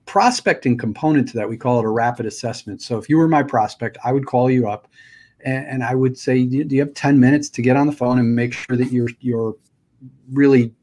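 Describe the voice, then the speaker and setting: A man's voice: mid-range voice, fairly quick, a little mellow. Laid-back guy hosting, talks it through casually, restarts a lot. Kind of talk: casual conversation.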